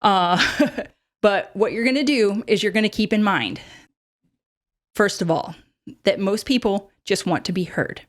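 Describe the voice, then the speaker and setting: A woman's voice: mid-range voice, expressive, a little slow. A woman in her thirties hosting a casual advice podcast, chatty, with many fillers and frequent laughs. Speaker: podcast host.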